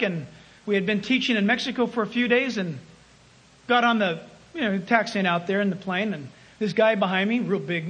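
A man preaching a sermon, emphatic, swinging between loud calls and hushed asides. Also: sits high, husky.

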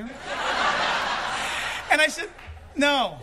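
A man's voice: extremely high pitch, animated, a little slow, very noisy. A man preaching a sermon and telling a comic story, acting out the voices of the people in it.

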